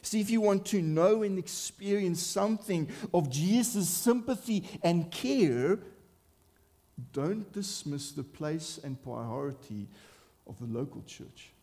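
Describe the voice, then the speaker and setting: Slow, mellow-voiced male preacher. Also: sits high, expressive. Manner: earnest, emphatic preaching with repeated words and rhetorical questions. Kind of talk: sermon.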